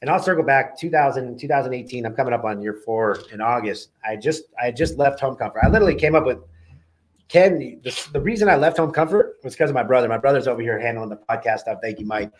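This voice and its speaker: Fast-talking, profane podcast host. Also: male voice, medium pitch. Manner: fast, profane, animated storytelling. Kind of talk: casual podcast storytelling.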